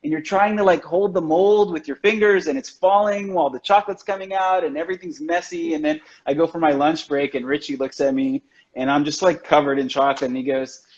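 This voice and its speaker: A man's voice: fairly high pitch, fairly even intonation, brisk. A man on a video call, telling stories about his work in a loose, chatty way and filling his talk with "like" and "you know". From United States. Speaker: chocolatier guest. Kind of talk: casual storytelling chat. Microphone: video call from home. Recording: dull lo-fi livestream audio.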